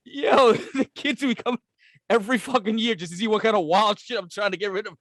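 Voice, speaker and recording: A middle-aged man from Brooklyn with a New York accent, co-hosting a podcast in casual, profane, comedic chat, animated and quick to laugh. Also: high-pitched, no echo, clean studio sound. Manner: animated, swears constantly, laughs often. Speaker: podcast co-host.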